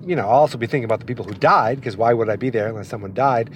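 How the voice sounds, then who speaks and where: Man, rambling, chatty, mid-pitched, recorded in a moving car, faint road hum. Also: very fast. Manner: rambling, tangent-prone, chatty. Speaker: wrestling vlogger. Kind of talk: casual monologue while driving.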